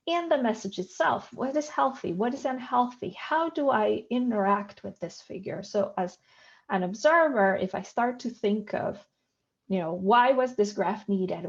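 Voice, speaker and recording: A woman gives a workshop lecture over a video call. She explains each point in turn and often asks rhetorical questions. Her voice sits at an ordinary pitch, and the call audio is slightly dull. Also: a little slow, creaky. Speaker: workshop presenter.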